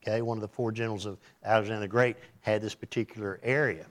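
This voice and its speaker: A man preaching a sermon in a folksy, teasing way, swinging between loud and hushed delivery. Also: lowish voice, fairly even intonation, fast talker. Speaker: pastor.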